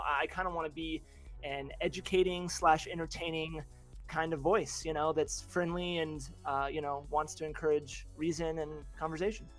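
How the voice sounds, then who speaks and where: A young man talking as a guest on a casual online chat, hesitant and full of fillers. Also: a little high. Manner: hesitant, many fillers and restarts, laughs easily. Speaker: guest, content creator.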